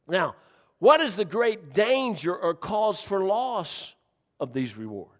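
A man's voice: high-pitched, very animated, slow, a bit bright, big-room sound. A man preaching a sermon, telling folksy stories and joking with his congregation. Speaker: pastor.

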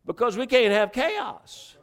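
A man's voice: very high-pitched, big pitch swings, unhurried. A man preaching a sermon, fervent and conversational, repeating phrases and restarting lines as he builds. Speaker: pastor.

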